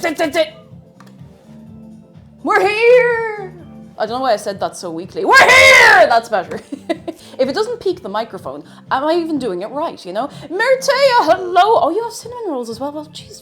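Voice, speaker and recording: A woman hosts a live stream from her home kitchen, chatting casually and playfully with viewers and tossing in silly asides. Her voice is high-pitched and very animated at a normal speed, with soft music in the background.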